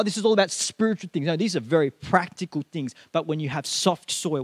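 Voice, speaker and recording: A male pastor with a high-pitched voice delivers a chatty sermon, heavy with fillers and quick restarts. The sound is close and dry, with no room echo. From India. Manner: conversational, with frequent fillers like "like, as in".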